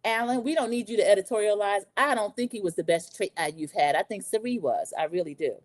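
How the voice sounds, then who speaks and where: A woman hosts a casual podcast recap of a TV show. She is chatty and animated, and she talks straight to her listeners. Her voice sits at a middle pitch, and the sound is dry and close. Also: fast, no echo. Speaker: podcast host.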